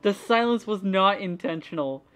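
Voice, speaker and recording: A woman's voice: mid-range voice, expressive, normal speed, faint music behind. A young woman with a Midwestern accent and a slight speech impediment, chatting frankly on a casual stream and swearing freely. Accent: Midwestern American.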